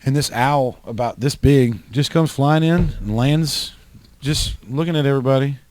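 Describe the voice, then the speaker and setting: A man from upstate New York, hosting a podcast and telling animated, profane stories in casual chat. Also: medium pitch, moderate pace, no echo. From Highland, New York. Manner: animated storyteller, swears freely. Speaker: podcast host.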